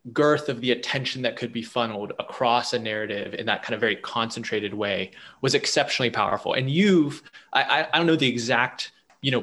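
A man's voice: medium pitch, pushed and bright. A man interviewing a podcast guest, framing long, articulate, winding questions.

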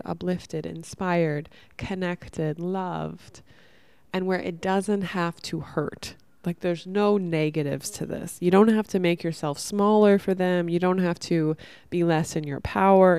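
Gravelly-voiced woman hosting a podcast. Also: fairly low pitch, dry recording. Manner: earnest, relaxed, casual swearing. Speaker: podcast host and coach. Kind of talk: casual reflective monologue.

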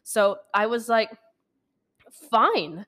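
A young adult woman telling a personal story in a casual vlog, rambling and animated, with frequent swearing and laughter. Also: fairly high pitch, moderate pace.

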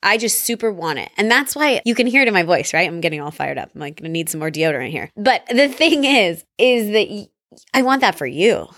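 A woman's voice: medium pitch, brisk, dry recording. Fired-up woman podcaster rambling through her story, restarts a lot, dry close sound. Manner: energetic, rambling, self-interrupting. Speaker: podcast host and salon business coach. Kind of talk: casual storytelling monologue.

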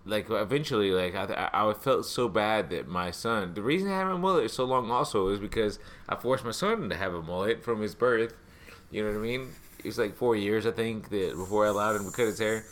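A man's voice: fairly low pitch, fairly quick, fairly bright tone. A man in his thirties co-hosting a podcast, rambling casually with lots of swearing and fillers. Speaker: podcast co-host. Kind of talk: casual chat.

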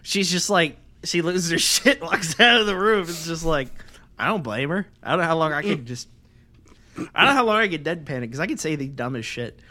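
A young man co-hosting a podcast, rambling through profane anecdotes with deadpan asides. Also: on the high side, brisk. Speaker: podcast co-host. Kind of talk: casual chat.

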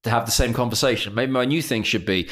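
A man's voice: medium pitch, quick pace, a bit bright. A man with an English accent, co-hosting a podcast in rambling casual chat with plenty of swearing. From England. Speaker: podcast co-host.

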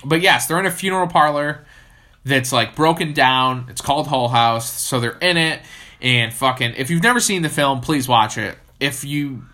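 A young man co-hosting a horror movie podcast, chatting casually, swearing constantly and laughing loudly. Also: medium pitch, moderate pace. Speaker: podcast co-host. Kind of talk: casual profane chat.

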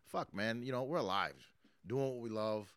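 A man's voice: medium pitch, normal speed, a bit bright, a little hiss or hum. A man in his late thirties, a hip-hop artist giving an interview, talking casually with lots of swearing and fillers. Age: 30s. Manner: profane, emphatic, rambling motivational.

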